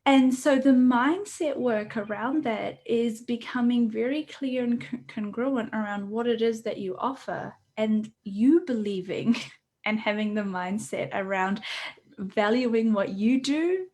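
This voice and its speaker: A woman talking through her ideas in a relaxed interview. Her voice sits a little high. She explains earnestly and stops to rephrase often. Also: a little slow. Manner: earnest, explanatory, with frequent hesitations. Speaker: workshop facilitator. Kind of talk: conversational interview.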